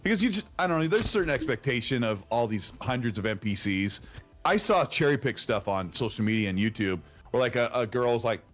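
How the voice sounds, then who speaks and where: A man co-hosting a podcast, talking in a relaxed, discursive way. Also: medium pitch, fairly quick, soft background music. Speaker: podcast co-host. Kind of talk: casual chat.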